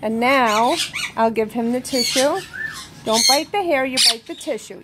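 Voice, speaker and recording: A woman's voice: fairly high pitch, unhurried, pushed and bright. A woman vlogging at home with her parrots, laughing often and cooing to her bird in baby talk. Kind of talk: casual vlog talk. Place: home with pet birds. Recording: noisy, squawking birds behind.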